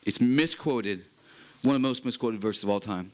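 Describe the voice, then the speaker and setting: A pastor giving an earnest, emphatic sermon at a retreat chapel, reading scripture aloud and repeating key phrases. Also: male voice, on the low side, moderate pace, a little mellow.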